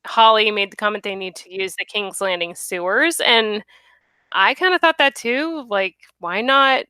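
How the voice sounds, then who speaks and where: A woman's voice: mid-range voice, moderate pace, pushed and bright, smooth, no room sound. A woman hosting a live online chat show, talking casually with lots of fillers and giggles. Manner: chatty, giggly, many fillers. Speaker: host.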